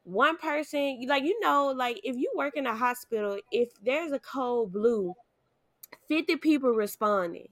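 A woman hosting a podcast, telling a personal story in casual chat, animated, acting out what people said and swearing freely. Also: high voice, measured pace, dry recording, clean studio sound.

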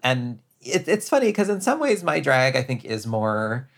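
A man's voice: medium pitch, sing-song, moderate pace. A man, a drag performer, talking as an interview guest in a chatty, reflective way with self-deprecating asides. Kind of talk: casual conversational interview.

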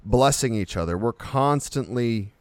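A man's voice: medium pitch, lively intonation, unhurried, a little mellow, no echo. A man co-hosting an unscripted chat, rambling and spinning vivid comic examples. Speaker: podcast co-host.

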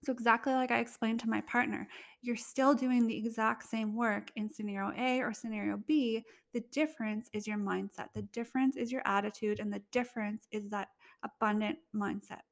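A woman's voice: fairly high pitch, fairly even intonation, a little fast, creaky. A young adult woman hosting a casual solo podcast, chatty, filling her talk with "like" and laughing often. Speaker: podcast host.

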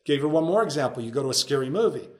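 A man's voice: a little high, expressive, very fast, a little mellow. A man telling a story as a guest in a conversation, acting out the voices of the people in it. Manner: acts out quoted voices in his stories. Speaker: podcast guest.

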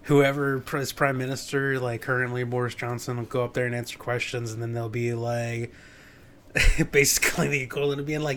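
A man's voice: little pitch movement, brisk, a bit bright. Casting: young male podcast co-host, loose rambling storyteller, faint hiss behind. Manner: rambling storytelling with bursts of high mocking voices. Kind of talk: casual chat.

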